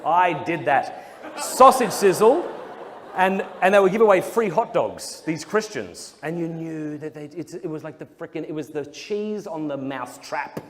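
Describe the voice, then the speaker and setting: A man's voice: fairly high pitch, expressive, normal speed. A young Australian man telling funny stories to a live audience as a Catholic speaker, acting out the voices of the people in them. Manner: joking storyteller, acts out quoted voices. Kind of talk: comedic talk to a live audience. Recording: live hall with long reverb, faint crowd ambience.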